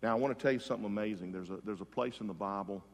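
A man preaching a sermon as pastor, swinging between loud emphasis and hushed softness and repeating words for effect. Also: on the low side, rapid-fire. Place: church sanctuary. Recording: long reverb of a large hall.

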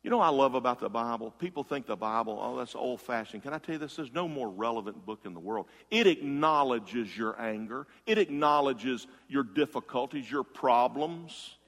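A man preaching a sermon in a conversational style, swinging between loud emphatic bursts and hushed low asides to the congregation. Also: lively intonation, moderate pace, hardly any pauses, long reverb tail. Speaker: pastor.

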